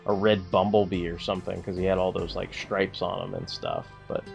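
Faint music plays behind a man co-hosting a podcast, whose casual chat rambles along with lots of fillers and swearing. His low, creaky voice swings widely in pitch and moves fairly quickly.

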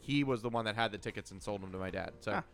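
Fast-talking blunt co-host. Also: male voice, lowish voice, fairly bright tone. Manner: fast, blunt, swears freely. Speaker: podcast co-host. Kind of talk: casual chat.

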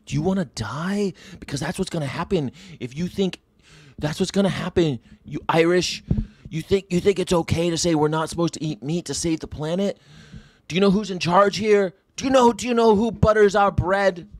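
A man voicing a furious, threatening bully who shouts taunts. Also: high voice, normal speed, no echo, pitched above the performer's own voice. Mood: menacing.

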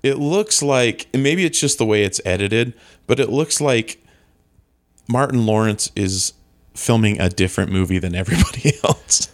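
Wry low-voiced man chatting. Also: expressive, normal speed. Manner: wry, laughing, mock-disgusted asides. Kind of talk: casual movie chat.

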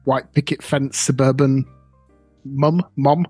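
Man, husky voice, dry close mic, podcast co-host, thoughtful and halting. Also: mid-range voice, dry recording, soft background music. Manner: reflective, hesitant, many fillers. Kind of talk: casual film discussion.

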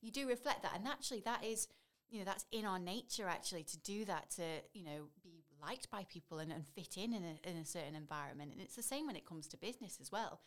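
A woman's voice: lowish voice, expressive, fast. A woman in her thirties with a Stoke accent, a voiceover artist chatting as a guest in an interview, full of "you know" fillers. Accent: Staffordshire (Stoke). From Stoke-on-Trent area, England. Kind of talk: casual conversational interview.

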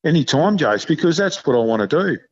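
A man's voice: on the high side, very animated, a little fast, breathy edge, dull audio. An Australian man talking earnestly and a bit ramblingly as a guest on a podcast, calling his host "mate". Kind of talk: casual chat.

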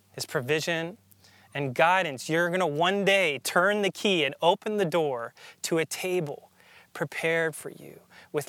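A man preaching a sermon as a pastor, earnest and emphatic, slowing down to stress key phrases. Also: fairly high pitch, fairly bright tone, no echo.

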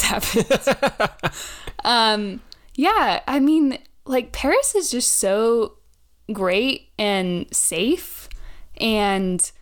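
A young woman in her twenties co-hosting a casual chat podcast, chatty and laughing often as she tells stories. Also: medium pitch. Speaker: podcast co-host.

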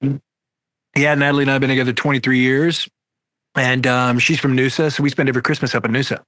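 A man's voice: mid-range voice, flat delivery, brisk, a bit bright, dry recording. Laid-back middle-aged male rock singer. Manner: laid-back, candid storyteller. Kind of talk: casual interview over video call. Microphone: video call.

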